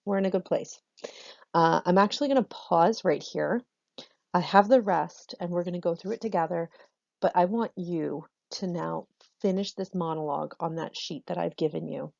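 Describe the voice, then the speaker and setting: A woman's dark, gravelly voice teaches a drama lesson in a chatty, self-correcting way, laughing often. The recording is dry and dull. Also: on the low side, normal speed, no echo.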